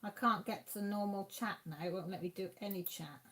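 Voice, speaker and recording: This craft channel host speaks a little fast in a medium-pitched, somewhat bright voice, chatting casually at home during a live stream. She reads comments from the chat, exclaims aloud, and talks to her viewers.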